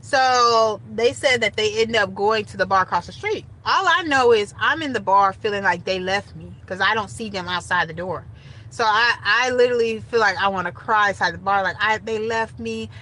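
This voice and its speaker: A young woman casually telling a story straight to her viewers, animated and chatty. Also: mid-range voice, normal speed, rough recording. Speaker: storytime vlogger.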